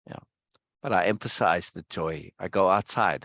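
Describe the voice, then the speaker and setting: A man's voice: deep voice, normal speed, creaky, fairly bright tone, dry recording. Emphatic man on a dull, lo-fi call. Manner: emphatic, repeats key phrases. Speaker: teacher leading a discussion group. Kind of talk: impassioned group discussion.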